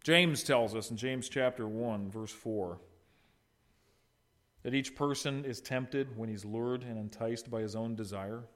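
A man preaching an expository sermon, swinging from loud emphatic peaks to soft low endings, with conversational asides to the congregation. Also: unhurried. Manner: conversational, teases congregants by name. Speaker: pastor.

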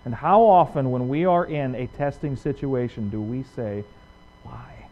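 A man's voice: mid-range voice, lively intonation, moderate pace. Emphatic male preacher, lo-fi sound. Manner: emphatic, rhetorical questions, swings from loud to hushed. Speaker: pastor. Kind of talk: sermon. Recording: dull lo-fi recording.

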